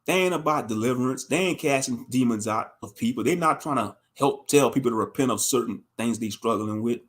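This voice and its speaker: A man's voice: medium pitch, brisk, fairly bright tone. A man in his thirties giving a profane, mocking, rambling commentary on a livestream. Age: 30s.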